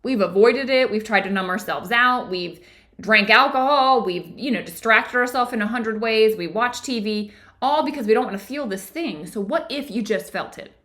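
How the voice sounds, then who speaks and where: A woman's voice: on the high side, moderate pace, a bit bright. A woman hosting a book club and teaching yoga therapy, talking casually and earnestly, asking her listeners questions as she explains the book. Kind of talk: casual book discussion with read-aloud passages.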